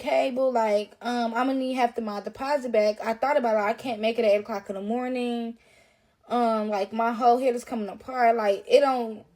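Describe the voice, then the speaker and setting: A woman rants about a bad experience in loose, slangy speech, swearing and pausing on fillers. Her voice sits a little high, and she keeps an irritated, exasperated tone throughout. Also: a little mellow. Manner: irritated, profane, lots of fillers. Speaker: storyteller. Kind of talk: casual ranting story.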